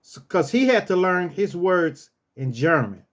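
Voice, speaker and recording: A man tells a casual story, his voice high and swinging widely in pitch. He talks slowly and loosely, then barks each command roughly like a drill sergeant. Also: sing-song. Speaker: storyteller host.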